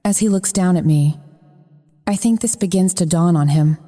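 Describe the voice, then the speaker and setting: Female audiobook narrator, low-pitched, intimate first-person delivery; lingering reverb on the recording. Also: normal speed, warm tone.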